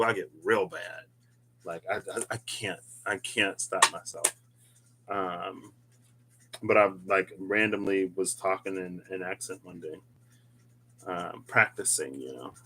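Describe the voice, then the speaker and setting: A man's voice: low-pitched, measured pace, pauses often, sharp tone, a little hiss or hum, low-quality recording. A man chatting casually through a tarot reading, rambling, laughing often and talking to himself as he goes. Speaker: tarot card reader.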